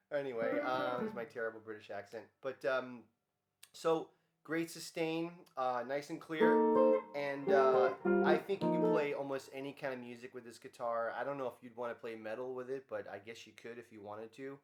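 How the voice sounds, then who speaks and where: A guitarist casually talking about his guitar in a relaxed, rambling way with lots of ums. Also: mid-range voice, moderate pace. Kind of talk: casual gear demo talk.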